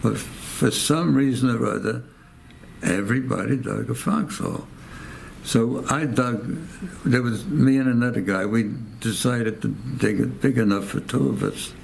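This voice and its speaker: Speaking unhurriedly in a gravelly, medium-pitched voice, a man in his nineties from the U.S. rambles through a war story for an oral-history interview. He repeats phrases and voices the people he quotes, with a little hiss or hum in the background.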